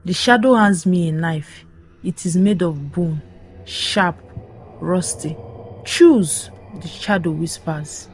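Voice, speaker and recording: Woman, first-person horror narration, slow, low, tense, clipped sentences. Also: slight background noise.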